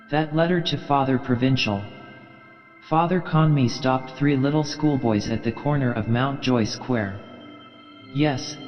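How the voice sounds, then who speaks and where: Guy reading an audiobook slow and steady, kinda muffled, soft music in the back. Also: mid-range voice. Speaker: audiobook narrator. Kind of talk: literary audiobook narration. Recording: dull sound with long reverb, faint music behind.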